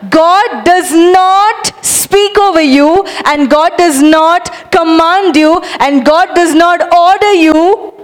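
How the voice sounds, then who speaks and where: High-voiced woman preaching energetically. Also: slow. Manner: energetic, urging the audience, animated demonstrations. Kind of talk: sermon.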